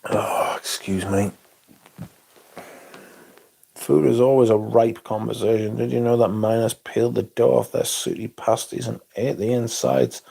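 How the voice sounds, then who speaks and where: Slow, gravelly man chatting. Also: on the low side, fairly even intonation, warm tone. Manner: laid-back, rambling, swears casually. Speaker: livestream host. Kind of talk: casual livestream chat reading comments.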